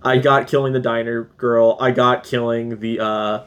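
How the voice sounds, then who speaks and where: A man co-hosting a casual movie podcast, blunt and profane as he picks a film apart. His voice sits at an ordinary pitch, and he laughs at his own jokes. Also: level tone, normal speed, a bit bright, lo-fi sound. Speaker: podcast co-host. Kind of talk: casual movie review chat.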